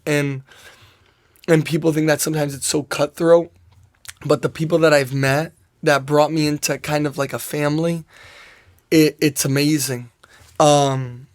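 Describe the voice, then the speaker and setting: A young man, a soccer player guest in an interview, telling a personal story in a rambling way, full of "like" and quoted asides. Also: a little high.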